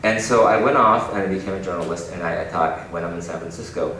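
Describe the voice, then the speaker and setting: A man giving an inspirational keynote talk, telling stories in an animated way with frequent laughter. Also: low voice, fast. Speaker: keynote speaker. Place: large conference hall. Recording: echoey hall, distant mic, noisy.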